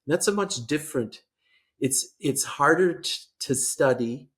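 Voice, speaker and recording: An older man speaking as a policy expert guest in a podcast interview, measured and hesitant with frequent restarts. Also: fairly high pitch, lively intonation, fairly bright tone.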